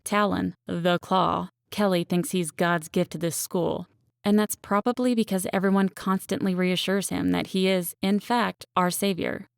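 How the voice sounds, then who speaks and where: A woman's voice: lowish voice, fairly even intonation, a little slow, vocal fry, clean tone, no room sound, studio quality. A woman narrating a first-person romance audiobook in a wry, self-aware storytelling manner.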